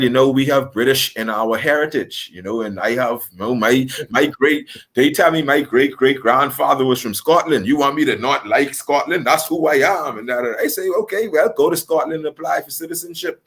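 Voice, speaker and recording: A man's voice: mid-range voice, fairly bright tone. Passionate man in an interview. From Bahamas. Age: adult, married. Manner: passionate, emphatic, acts out quoted voices. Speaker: guest, history teacher. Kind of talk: interview conversation.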